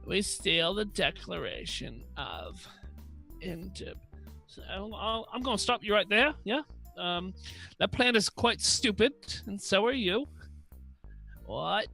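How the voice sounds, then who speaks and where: A man's voice: high voice, vocal fry, sharp tone, heavily acted. A man improvising a brash, scheming young New Zealander with a put-on New Zealand accent, stammering and trading insults. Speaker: podcast co-host. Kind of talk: improvised comedy role-play.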